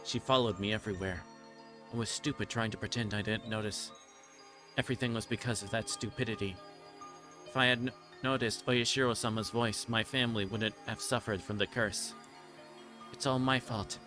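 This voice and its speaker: A delirious, guilt-ridden young girl in a visual novel, read aloud by a man in his own fairly low voice. The reading loops back on itself in anguish and trips over the odd word. Game music plays clearly behind. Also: fairly even intonation, moderate pace, natural voice. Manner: repetitive, anguished, occasional stumbles over words. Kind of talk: dramatic reading of game text.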